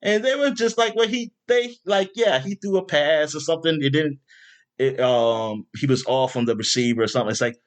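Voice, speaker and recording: A man hosting a podcast in casual chat, rambling with lots of fillers and bursting into loud exasperation. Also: fairly high pitch, brisk. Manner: rambling, animated, with many fillers. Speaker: podcast host.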